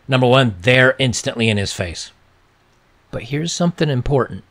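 Reaction host, male, gravelly voice, sarcastic and casual. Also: mid-range voice, expressive, moderate pace, fairly bright tone. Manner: sarcastic and mocking. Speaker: reaction video commentator. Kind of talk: casual commentary.

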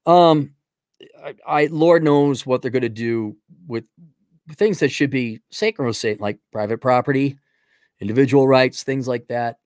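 A man's voice: medium pitch, moderate pace, darkish tone, no echo, studio quality. A man hosting a livestream, giving blunt, rambling, sarcastic opinions in casual talk. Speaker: livestream host.

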